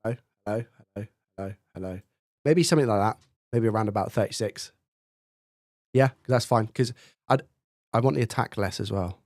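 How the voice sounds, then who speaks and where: A man's voice: on the low side, fairly quick, pauses often, darkish tone, no echo. A man hosting a live stream in casual chat, thinking aloud and testing his microphone up close with repeated checks. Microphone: studio dynamic mic, close up.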